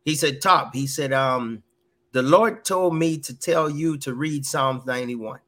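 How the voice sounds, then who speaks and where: A man's voice: mid-range voice, a little slow, a bit bright. Earnest man telling a personal testimony. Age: middle-aged. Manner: earnest, repeats phrases, quotes voices in dialogue. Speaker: podcast guest.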